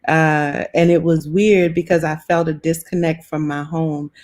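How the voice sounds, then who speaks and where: Chatty New Orleans woman, lowish voice. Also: steady tone, measured pace, a little mellow. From New Orleans, USA. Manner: chatty, emphatic, laughs often. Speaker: live stream host. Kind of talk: casual live chat reading comments. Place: South Florida home.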